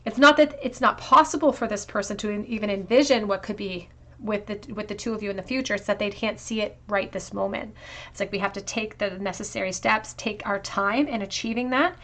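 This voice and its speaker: A tarot reader does a pick-a-card reading to camera, speaking in a flowing, reflective way and growing softer as she draws cards. Her voice is mid-range and her pace brisk.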